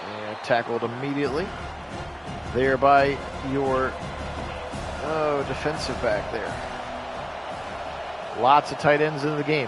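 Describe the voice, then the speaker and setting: A man calling a simulated football game on his own, jumping up loud on big plays and chatting with viewers in between. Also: mid-range voice, measured pace, music in the background. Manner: rises sharply and loud for big plays, chatty asides to live chat. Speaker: play-by-play host of video game sims. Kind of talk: solo play-by-play commentary on a simulated game.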